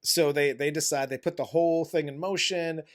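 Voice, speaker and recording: A man co-hosting a movie review show in casual chat, animated and profane, acting out scenes from the film. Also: a little high, moderate pace. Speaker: movie review podcast co-host.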